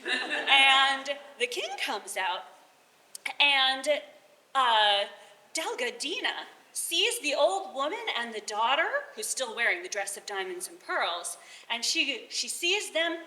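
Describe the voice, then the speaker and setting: A woman tells a folk tale live, animated and chuckling between lines. Her voice is high, bright and lively, her pace unhurried. The roomy hall adds echo. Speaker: storyteller. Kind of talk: live oral storytelling. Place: bardic gathering hall.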